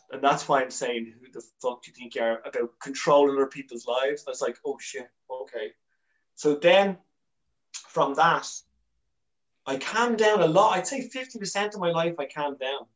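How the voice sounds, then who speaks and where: An Irish man, a comedian guest on a podcast, telling candid stories with animated energy and frequent swearing. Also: on the high side, normal speed, poor audio. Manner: animated storyteller, swears freely, restarts often.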